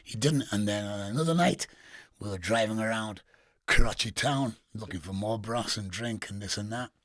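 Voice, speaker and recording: A man's voice: on the low side, normal speed, a bit bright, dry recording, clean studio sound. A middle-aged man with a Geordie accent, telling crude stories in a casual interview, swearing and laughing often. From England. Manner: swearing, laughing storyteller with street slang. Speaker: guest.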